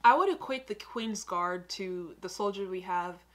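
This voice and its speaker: A woman's voice: medium pitch, measured pace, fairly bright tone, faint music behind. A young American woman hosting a reaction video, chatting casually with rambling, self-mocking asides. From United States.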